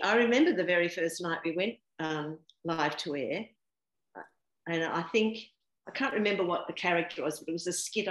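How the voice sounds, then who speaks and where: A woman in her sixties, a guest actor chatting casually in an interview, laughing often and full of fillers and restarts. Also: low voice. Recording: roomy echo.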